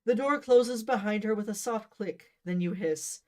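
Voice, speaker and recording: A woman's voice: medium pitch, moderate pace, few pauses, mellow. A woman co-hosting a read-aloud of an interactive storybook, narrating casually with playful, giggly asides. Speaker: co-host reading an interactive book.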